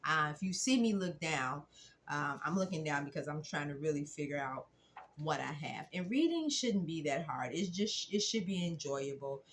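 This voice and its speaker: A woman's voice: low voice, expressive, moderate pace, a little hiss or hum. A woman talking through her reading list for the season in a casual, chatty way, with many fillers and restarts. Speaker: book reviewer. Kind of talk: casual book-list vlog.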